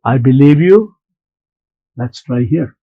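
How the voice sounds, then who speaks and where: Slow, deliberate male maths teacher. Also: medium pitch, animated, no room sound, muffled recording. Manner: slow, deliberate explaining, talks back to imagined students. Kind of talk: recorded maths lesson.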